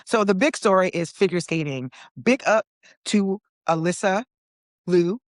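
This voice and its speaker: A woman's voice: fairly low pitch, a little slow, no echo, studio quality. A woman in her forties hosting a talk show, chatting with sass and calling her listeners "honey". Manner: sassy, chatty, says "honey" and "okay". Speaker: podcast host. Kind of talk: casual opinion commentary.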